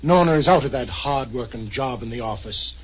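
A man's voice: medium pitch, expressive, a little fast, slightly rough. An actor playing a kindly, proud older foster father in a vintage radio drama. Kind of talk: 1940s radio acting. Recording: dull lo-fi old radio recording.

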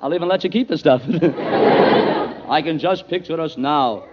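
A man's voice: fairly high pitch, unhurried, very noisy. A man doing a 1940s radio comedy sketch as a mock-Russian lover, punning and laughing at his own jokes. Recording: dull old radio broadcast, faint audience.

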